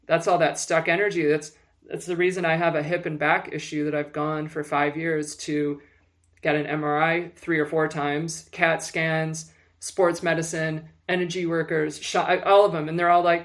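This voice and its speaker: A woman guest in an interview, telling personal stories in an animated way with lots of fillers and restarts. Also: low-pitched, moderate pace. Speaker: guest, music publicist. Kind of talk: candid personal storytelling.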